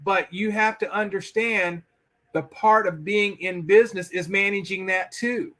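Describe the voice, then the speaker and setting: Man, interview guest, high-pitched, bright tone, emphatic, acts out quotes. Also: unhurried. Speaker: podcast guest. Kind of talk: conversational interview.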